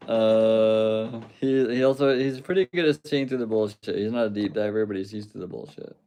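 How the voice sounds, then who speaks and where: Low gravelly man chatting on a livestream. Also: moderate pace, dark tone. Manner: rambling, swears freely, laughs at chat comments. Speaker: livestream host reading chat. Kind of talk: casual livestream chat.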